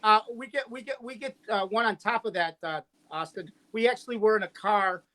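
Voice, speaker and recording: A man's voice: high-pitched, brisk, sharp tone. Man, video call, casual chat, teasing, rambling stories, many restarts. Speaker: guest friend calling in.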